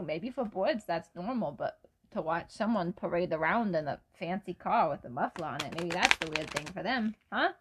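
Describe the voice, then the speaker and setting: A woman's voice: fairly low pitch, sing-song, normal speed, slight background noise, poor audio. A young woman co-hosting a casual chat, playful and goofy, often laughing. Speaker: podcast co-host.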